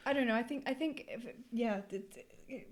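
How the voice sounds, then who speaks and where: A woman's voice: on the high side, moderate pace. A woman co-hosting a casual podcast chat, emphatic and repeating her point. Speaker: podcast co-host.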